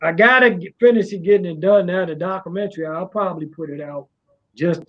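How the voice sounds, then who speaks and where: A middle-aged man from Washington, D.C. talks with a soft drawl, in a loose, rambling style full of "you know" fillers. His voice sits a little high for a man. The recording sounds muffled and dull. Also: brisk. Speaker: music promoter and guest. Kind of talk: casual interview. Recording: muffled low-fidelity sound.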